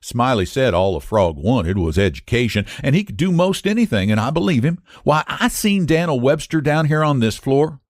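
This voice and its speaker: A male storyteller reads an old tale in a folksy rural dialect, his pitch rising and falling with lively animation. The recording is close and dry with no room sound. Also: moderate pace, hardly any pauses, dry recording. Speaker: story reader. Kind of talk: reading a classic short story aloud.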